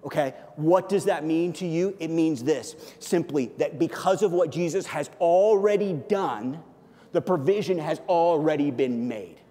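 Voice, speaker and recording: A man preaching a sermon as a pastor, conversational and animated, often checking in with "okay?". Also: fairly high pitch, a little slow. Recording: long hall reverb.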